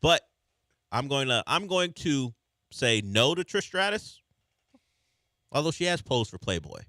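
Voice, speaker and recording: A man hosting sports talk radio, wry and animated, teasing his callers. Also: mid-range voice, unhurried, no echo, clean studio sound.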